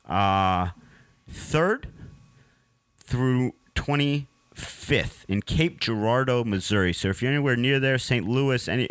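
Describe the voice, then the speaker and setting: A young man hosting a comedy podcast, telling stories and plugging his shows in animated casual chat. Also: mid-range voice, clean tone, no room sound.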